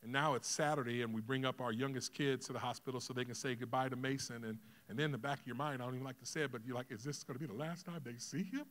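A middle-aged pastor gives a testimony from the pulpit. His voice sits at an ordinary male pitch and swings between hushed, low moments and loud, urgent bursts as he acts out conversations. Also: steady tone, racing, hardly any pauses. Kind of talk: sermon testimony.

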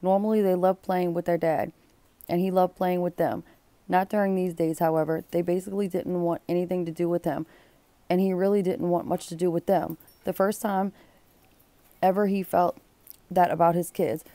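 A woman's voice: on the low side, little pitch movement, moderate pace, dark tone, no echo. A woman reading a book aloud and breaking off for blunt, exclaiming comments. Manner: blunt, exclaiming asides between read passages.

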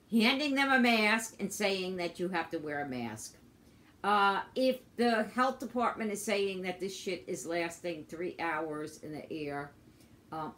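A woman's voice: on the low side, fairly bright tone. An older woman, stressed and upset, in an angry personal vlog rant, swearing and repeating herself. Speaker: vlogger.

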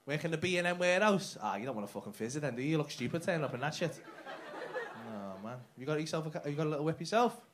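A man's voice: on the high side, lively intonation, very fast. A man doing crowd-work stand-up on a comedy club stage, brash and sweary, teasing audience members. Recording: noisy live club recording. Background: audience laughter.

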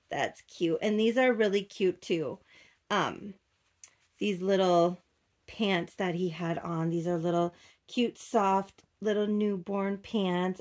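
Slow, doting woman cooing over a doll. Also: medium pitch, darkish tone. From Minnesota, United States. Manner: slow and unhurried, with many fillers. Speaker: doll collector vlogger. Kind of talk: casual unboxing chat.

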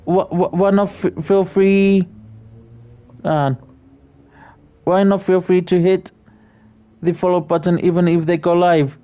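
A livestream host from Britain, chatting casually and reading out viewer messages, often stammering and repeating words while giving friendly shout-outs. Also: mid-range voice, flat delivery, takes it slowly, pauses often, smooth, dull audio.

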